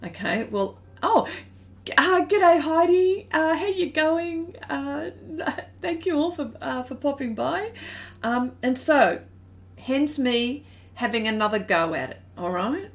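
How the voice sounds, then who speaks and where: Middle-aged Australian woman, high and bright, casual live-stream host who keeps greeting her chat. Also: expressive, slow. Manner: chatty, greets viewers by name, laughs often.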